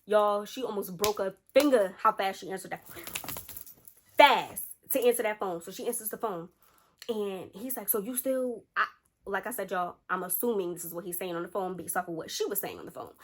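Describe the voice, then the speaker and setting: A young woman telling a story to her viewers at a quick clip. She is chatty and slangy and talks to the audience as if they were friends. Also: medium pitch. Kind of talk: casual storytime.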